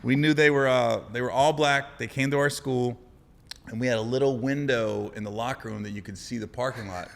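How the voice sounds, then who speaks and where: A man's voice: mid-range voice, fairly quick, vocal fry, in a large hall. A man from Ohio, a comedian guest telling funny stories on a podcast and acting out the people in them. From Ohio, USA. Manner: animated, acts out people in the story. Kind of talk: comic storytelling on a podcast.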